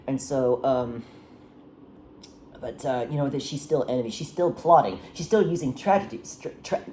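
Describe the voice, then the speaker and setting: Very low, mellow-voiced woman retelling a story. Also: moderate pace, slight background noise. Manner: rambling, many restarts and fillers, acts out quotes. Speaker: storyteller recapping a historical drama. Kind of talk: casual chat.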